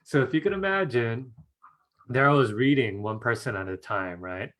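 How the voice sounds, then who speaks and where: A man's voice: medium pitch, moderate pace, a bit bright. A man teaching a live online class in a chatty way, often asking "right?" and laughing as he tells a story. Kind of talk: casual live-stream teaching with a told anecdote.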